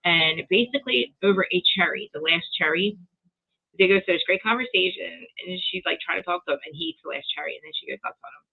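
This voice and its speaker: Woman guest, quick gravelly delivery, rambling and profane recap, phone-line audio. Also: on the low side. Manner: rambling and profane, acts out quotes. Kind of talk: casual reality-TV recap chat. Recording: tinny phone-like call audio.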